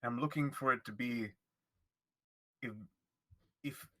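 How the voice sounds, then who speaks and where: A man's voice: medium pitch, fairly even intonation, slow, a bit bright. A man voicing a polite, formal adventurer in a tabletop game. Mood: earnest. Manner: formal, courteous address.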